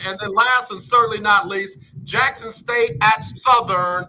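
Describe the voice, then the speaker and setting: A man hosting a casual radio sports talk show, brisk and upbeat, calling on guests by name for their picks. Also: sits high, background noise.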